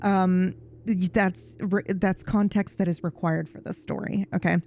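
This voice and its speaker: A woman streamer chatting casually with her viewers, telling a rambling, animated story full of swearing. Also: lowish voice, a little slow, soft background music. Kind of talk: casual chat with viewers while gaming.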